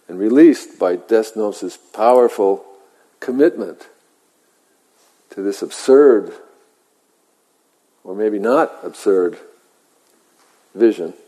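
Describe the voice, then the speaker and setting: A man, a meditation teacher, telling a story in a measured, reflective way with halting pauses, in a meditation hall. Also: fairly low pitch, dark tone. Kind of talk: dharma talk storytelling. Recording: long hall reverb.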